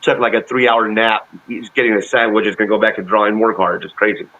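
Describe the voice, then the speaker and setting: A man's voice: on the low side, little pitch movement, fast, bright, forceful tone, lo-fi sound, a little hiss or hum. A man on a video call reacting with hyped slang and casual swearing.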